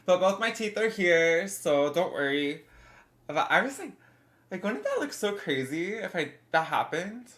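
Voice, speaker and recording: A woman's voice: lowish voice, very animated, measured pace. A young woman in her twenties, a bit congested, rambling casually as she answers her livestream chat.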